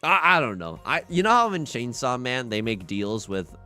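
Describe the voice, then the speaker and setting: A man commentating his online mahjong game on a live stream, swinging from mutters to shouts and laughs. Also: medium pitch, very animated, moderate pace, faint music behind. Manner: wildly swinging, shouts and cries out, laughs often.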